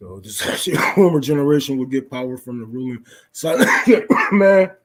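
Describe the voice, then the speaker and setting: A man's voice: mid-range voice, animated, measured pace. A young man in an unscripted political rant, profane and fired-up, preaching to his listeners. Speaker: political talk host.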